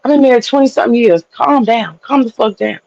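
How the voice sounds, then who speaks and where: A woman's voice: on the high side, fast, darkish tone, muffled recording. A woman guest chatting casually on a livestream, brash, teasing and profane. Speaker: stream guest.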